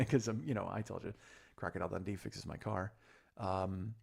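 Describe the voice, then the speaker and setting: A man's voice: low voice, steady tone, normal speed, vocal fry, breathy edge. A man in his forties hosting a comedy podcast, talking in a rambling, profane, self-deprecating monologue full of restarts. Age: 40s. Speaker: podcast host.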